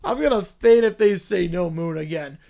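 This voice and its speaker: A man's voice: high voice, expressive, moderate pace, gravelly, warm tone. A man voicing a spoiled, tiny, furry royal creature who whines and demands everything. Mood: petulant. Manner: whining, petulant, demanding. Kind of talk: read-aloud donation story.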